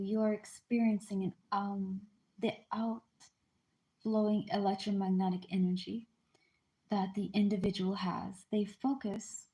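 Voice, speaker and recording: A woman with a warm, mellow voice reads aloud from a book at an easy pace. She keeps the tone informal and chatty, breaking in with her own explanations and small apologies. Her pitch sits in an ordinary middle range. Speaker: channel host reading a book aloud. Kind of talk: casual read-aloud with chatty asides.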